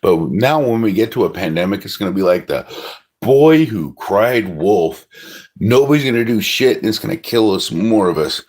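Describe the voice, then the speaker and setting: Profane ranting man, swinging pitch. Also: lively intonation, moderate pace, darkish tone. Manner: profane, agitated, scoffing. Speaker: livestreamer. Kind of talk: ranting monologue.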